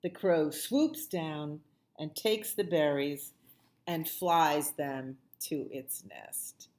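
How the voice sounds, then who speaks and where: A woman librarian reading a picture book aloud at children's storytime, with soft asides to the kids. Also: deep voice. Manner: slow, sing-song, with soft asides to the children.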